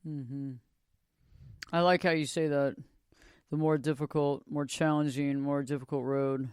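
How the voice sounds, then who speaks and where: A man's voice: fairly high pitch, little pitch movement, unhurried, clean tone, dry recording, studio quality. A man hosting a podcast interview, affirming his guest and often repeating words as he starts his sentences. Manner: warmly affirming, repeats himself. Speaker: podcast host and coach. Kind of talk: casual interview chat.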